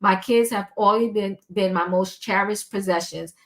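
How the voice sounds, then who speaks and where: An older woman giving casual commentary and reading a long text aloud, halting with frequent ums and restarts. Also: medium pitch, a bit bright. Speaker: commentary vlogger.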